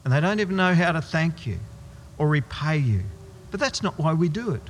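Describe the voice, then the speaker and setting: A male pastor delivering a sermon, emphatic and drawing out the words that matter. His voice sits high and moves a lot. The church hall around him carries a long reverb. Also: animated, a little hiss or hum. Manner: emphatic, slowing right down on key words.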